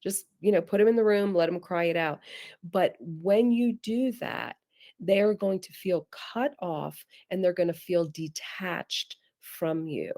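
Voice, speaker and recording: Earnest, coaxing woman presenter, lowish voice. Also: slow pace, mellow. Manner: earnest, coaxing, emphatic repetition. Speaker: parenting webinar presenter. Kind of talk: instructive webinar talk.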